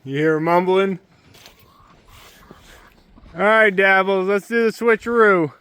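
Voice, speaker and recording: A man's voice: high voice, slow, a bit bright, a little hiss or hum. A man hosting a homestead vlog, coaxing his birds and dog along in a sing-song way and then explaining his farm chores plainly. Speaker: homesteader and channel host. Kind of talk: casual homestead vlog with talk to animals and explanations.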